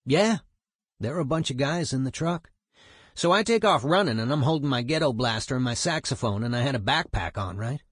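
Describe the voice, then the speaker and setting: A man's voice: medium pitch, lively intonation, a little fast, breathy edge, dry recording, clean studio sound. Guy reading as a foul-mouthed punk musician, fired up, swearing constantly, medium voice. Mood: animated. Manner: profane, emphatic storytelling. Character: streetwise male punk musician telling war stories.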